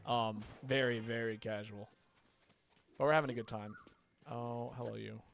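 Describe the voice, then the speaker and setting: A man chatting casually while livestreaming a video game. He rambles, swears, and reacts loudly when something surprises him. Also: medium pitch, steady tone, moderate pace, vocal fry, slight background noise. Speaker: streamer playing a video game.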